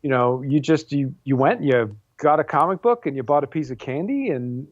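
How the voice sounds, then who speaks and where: A man's voice: on the high side, moderate pace, no room sound, muffled recording. A man in his forties, a comic book artist and writer guesting on an interview show, talking casually with many fillers and restarts. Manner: rambling, self-deprecating, many fillers and restarts.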